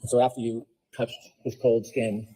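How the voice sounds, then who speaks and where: A man's voice: medium pitch, little pitch movement, unhurried, mellow, slightly rough, rough recording. A man questioning a witness in court as an attorney, with direct, prompting questions. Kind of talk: courtroom examination.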